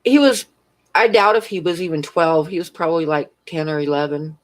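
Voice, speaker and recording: Streaming from her home beside a fish tank, this woman, a convenience store clerk, tells rambling stories in a deep voice at a brisk clip. She's chatty and laughs a lot, but the recording sounds poor.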